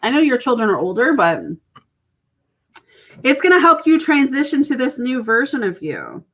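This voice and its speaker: A woman's voice: high-pitched, sing-song, normal speed, fairly bright tone. A Canadian woman, mother of grown children, giving a chatty, reassuring live tarot reading to viewers. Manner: chatty, reassuring, laughs often. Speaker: tarot reader.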